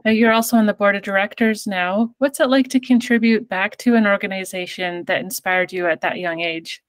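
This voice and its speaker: A woman's voice: medium pitch, steady tone, fairly quick, clear, resonant tone, no room sound. A woman interviewing guests, asking questions in an encouraging, enthusiastic way.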